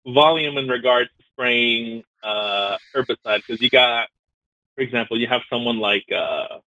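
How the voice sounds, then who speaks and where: A man's voice: mid-range voice, unhurried, bright, forceful tone. A male caller putting on a Cajun accent, rambling and hesitant. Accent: put-on Cajun. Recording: muffled phone line.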